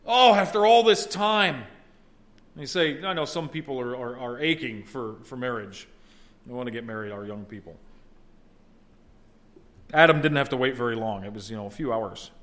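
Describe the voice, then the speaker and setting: A middle-aged male pastor delivering a sermon, his voice at an ordinary mid pitch. He talks to his listeners casually, then swells into emphatic bursts when a point lands. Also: brisk, pauses often, a bit bright. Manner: conversational preaching, rising to emphatic exclamation.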